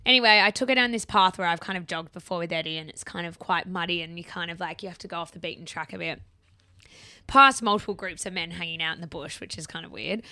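A woman's voice: lowish voice, fast, sharp tone, dry recording. A young woman with an Australian accent, casually telling a story as a podcast co-host, chatty and swearing freely.

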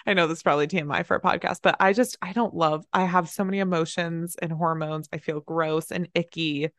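A woman's voice: on the low side, steady tone, a little fast, fairly bright tone, no echo, clean studio sound. A woman in her twenties co-hosting a podcast, chatting casually and telling stories with frequent laughs. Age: 20s. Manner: chatty, giggly storyteller. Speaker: podcast co-host. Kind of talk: casual chat.

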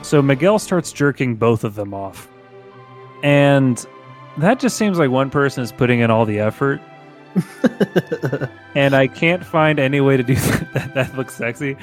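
Male podcast co-host, middle pitch, playful comic chat over faint music. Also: expressive. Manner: joking, breaks into laughter and quick put-on voices. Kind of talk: casual comedic chat reading fan fiction aloud.

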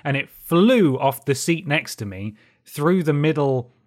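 A man co-hosting a gaming podcast, telling an anecdote in an animated, casual way with lots of "like" fillers. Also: a little high, unhurried. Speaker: podcast co-host. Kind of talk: casual chat.

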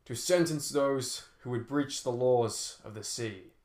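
A man voicing a stern male prison warden who speaks in a booming, commanding way, in a roomy recording. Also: lively intonation, slow pace. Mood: pompous. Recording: roomy echo.

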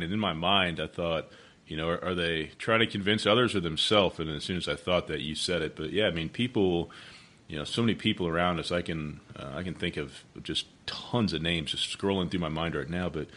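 A man hosting a podcast interview in a booming radio voice, relaxed and reflective as he asks open questions. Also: brisk. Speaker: podcast host.

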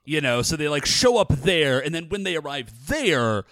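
Man, podcast co-host, casual recap chat, lively swinging pitch, dry close mic. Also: normal speed, dry recording. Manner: animated, chatty, lots of fillers.

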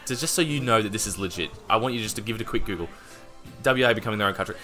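A young man with an Australian accent, co-hosting a casual podcast chat, animated and swearing freely as he banters. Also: lowish voice, very fast, soft background music. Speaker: podcast co-host.

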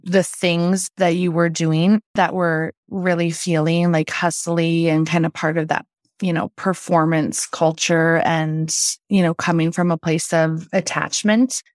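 A woman's voice: low voice, no room sound, studio quality. A woman hosting a podcast, asking questions in a chatty, encouraging way with plenty of filler words. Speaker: podcast host. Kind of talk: casual interview talk.

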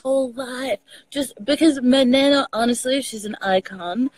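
A woman's voice: sits high, moderate pace, no echo. A woman from Texas with a Southern accent, a guest telling stories with lots of laughter in a casual chat over a video call. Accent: Southern US, Texan. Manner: laughing, animated storytelling.

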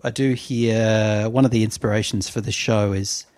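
A man's voice: on the low side, moderate pace, dry recording. A man from Australia co-hosting a comedy podcast, joking and laughing often in casual chat. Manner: jokey, animated, laughs often. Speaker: podcast co-host. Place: Melbourne.

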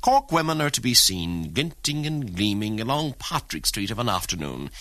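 A man's voice: lowish voice, sing-song, normal speed, pushed and bright, dry recording. A man narrating a documentary in a wry, ornate storytelling manner. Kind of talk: scripted narration.

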